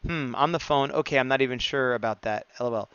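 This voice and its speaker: A man's voice: mid-range voice, quick pace, fairly bright tone, clear, resonant tone, dry recording, dull audio. Chatty man mumbling while he draws. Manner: chatty, mumbles to himself, reads chat aloud. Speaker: streamer drawing live. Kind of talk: casual live-stream chat while drawing.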